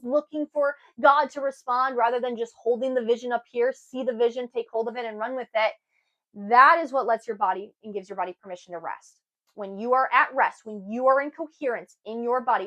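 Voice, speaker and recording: A young woman giving an earnest, emphatic self-help talk to camera, with sudden lively bursts. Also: on the high side, low-quality recording. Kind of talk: casual motivational talk to camera.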